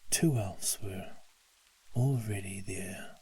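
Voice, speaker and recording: A man narrating a story at a slow, calm pace, sometimes dropping to a whisper. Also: low-pitched, breathy edge. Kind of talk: scripted story narration for sleep.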